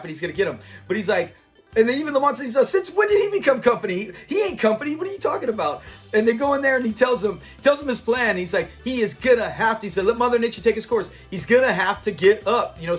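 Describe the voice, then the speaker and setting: A man's voice: sits high, expressive, fast, soft background music. A man hosting a show review channel, chatting casually as he retells a sitcom episode, quoting lines in character and laughing often.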